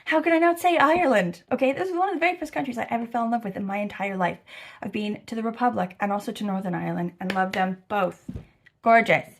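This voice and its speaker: A young American woman chatting casually to camera about her travels, rambling and animated, with lots of fillers and swearing. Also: mid-range voice, fast, creaky. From United States. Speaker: travel vlogger. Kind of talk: casual chat.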